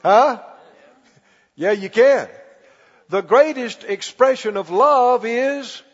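A man preaching a sermon as pastor, stretching key words slowly and calling for the congregation to respond. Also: extremely high pitch. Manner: preaching with call-and-response, slow emphatic stretches. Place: church. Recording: muffled recording in a reverberant church hall.

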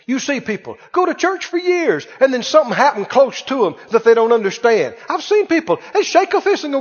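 A man preaching a sermon, swinging between hushed and loud and asking rhetorical questions. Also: very high-pitched, sing-song, fairly quick, hardly any pauses, slightly rough. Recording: dull reverberant hall sound.

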